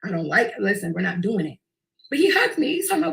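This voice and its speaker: A young woman in her early twenties from Queens, tells her story with raw intensity and a lot of profanity. Her voice has a gravelly, rough edge and sits at an ordinary pitch for a woman. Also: a little fast. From Queens, New York. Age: early 20s. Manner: profane, intense, animated retelling. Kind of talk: emotional personal storytelling.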